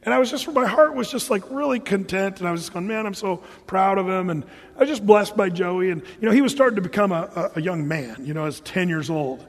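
A middle-aged man preaching a sermon in a church, telling stories in an animated way with loud bursts. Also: sits high. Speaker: pastor. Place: church hall. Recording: church hall reverb.

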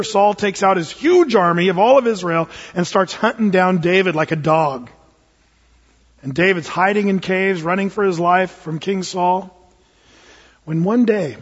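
A male pastor telling a Bible story in a lively sermon, acting out the voices of its figures. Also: high voice, breathy edge. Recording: dull lo-fi recording in a reverberant hall.

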